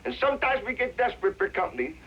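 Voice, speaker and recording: A man's voice: very high voice, sing-song, fast talker, fairly bright tone, breathy edge, heavily acted. An actor playing a jovial older retired vaudevillian who cracks folksy jokes and laughs at his own gags. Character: jovial wisecracking old male ex-vaudevillian farmer. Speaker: retired vaudevillian dog act performer. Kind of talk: 1960s TV drama acting. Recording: dull lo-fi 1960s TV soundtrack with faint hiss.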